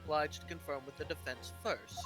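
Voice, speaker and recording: A man voicing a stately elderly male judge, speaking formally and with measured authority. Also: a little high, over music, lightly acted.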